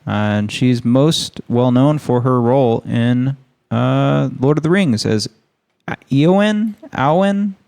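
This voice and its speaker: A man's voice: mid-range voice, steady tone, slow pace, gravelly, a little mellow, clean tone. A man co-hosting a podcast, discussing a film in a dry, understated way. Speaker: podcast co-host.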